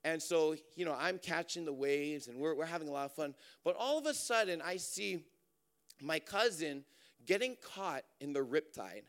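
High-voiced man telling a story. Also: normal speed. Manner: animated, chatty, many fillers and restarts. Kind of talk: storytelling sermon.

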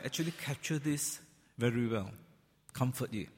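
A man preaching a sermon to a large congregation, talking in a loose, conversational way with frequent fillers and gentle teasing. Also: mid-range voice, animated, normal speed, slightly rough. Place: large church hall. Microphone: handheld or stand microphone. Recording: long hall reverb.

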